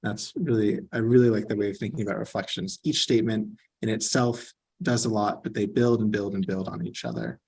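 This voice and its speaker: A man's voice: on the low side, expressive, fairly quick, gravelly, a little mellow, slightly rough. A man giving an earnest online training session as a trainer, explaining with frequent fillers.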